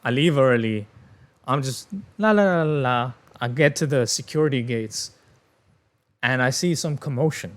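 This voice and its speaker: A man hosting a podcast, telling a story in casual, animated chat, swearing freely. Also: medium pitch, moderate pace. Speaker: podcast host.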